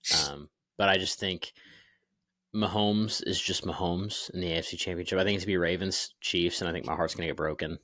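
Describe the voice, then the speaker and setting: A man's voice: low-pitched, steady tone, fairly quick, sharp tone, no echo, clean studio sound. A young man co-hosting a casual sports podcast over a video call, rambling with fillers and restarts. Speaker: podcast co-host.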